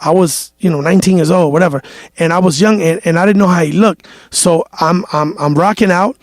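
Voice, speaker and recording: A man's voice: high-pitched, fairly quick, dry recording, studio quality. A man, a DJ telling stories in a casual interview, acting out quotes and swearing freely. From New York. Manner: animated storyteller, acts out quotes, swears freely. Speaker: DJ guest.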